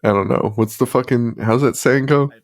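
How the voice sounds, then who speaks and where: A man's voice: medium pitch, moderate pace. A man co-hosting a podcast, recapping a movie in casual chat, swearing constantly and rambling with fillers. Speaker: podcast co-host.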